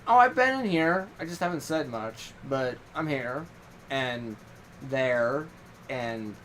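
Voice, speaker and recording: A man's voice: medium pitch, animated, slow pace, a bit bright, a little hiss or hum. A snarky male trickster god, put on by a man drops in with a smug, offhand air. He sounds casual and self-satisfied, with a voice lifted a little above a man's usual talk.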